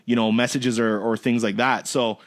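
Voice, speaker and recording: A man's voice: mid-range voice, moderate pace. A man hosting a casual interview podcast, telling stories animatedly and acting out quotes. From Canada. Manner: animated storyteller, acts out quotes in a raised voice. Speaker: podcast host.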